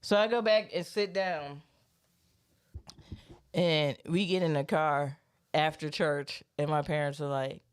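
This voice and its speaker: A woman's voice: low voice, fairly even intonation, unhurried, long pauses, smooth. A woman hosting a podcast, telling a church story in casual chat, swearing freely and laughing often. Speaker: podcast host.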